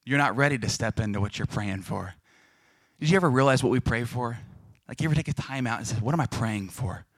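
A young male pastor preaches with a lively, joking delivery and acts out the voices of people in his stories. His voice sits at an ordinary middle pitch. The sound is dry and close, with almost no room echo. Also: fast talker. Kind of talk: sermon.

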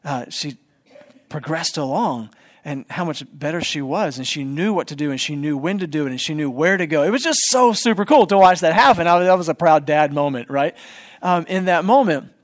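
Man, forties, pastor, high voice, chatty sermon, asks the room questions. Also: lively intonation, a little fast. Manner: conversational, asks the congregation questions. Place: church.

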